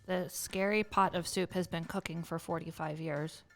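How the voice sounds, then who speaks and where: A woman's voice: on the low side, steady tone, normal speed, soft background music. A woman co-hosting a podcast, dropping short, dry, sarcastic remarks in casual chat. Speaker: podcast co-host.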